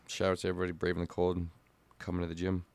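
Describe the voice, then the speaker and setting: Man, low voice, laid-back casual chat, dry close sound, studio podcast. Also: completely flat delivery, very fast, creaky, a little mellow, no echo. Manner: laid-back, short loose remarks. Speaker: podcast co-host and gym coach.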